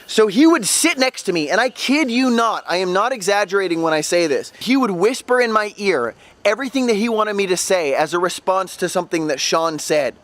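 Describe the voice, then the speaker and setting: A man with a high-pitched voice recounts a story in casual vlog style. He talks emphatically and sounds exasperated, and his delivery builds to outbursts. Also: expressive, brisk, a bit bright. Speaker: travel vlogger and former ESL tutor.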